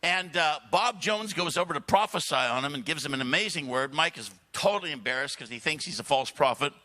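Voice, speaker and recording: A man tells a long church story, his fairly high voice leaping up and down with animation. His tone is bright and forceful, and he keeps stopping to clear his throat between anecdotes. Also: lively intonation, fairly quick. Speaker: guest speaker. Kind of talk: sermon storytelling.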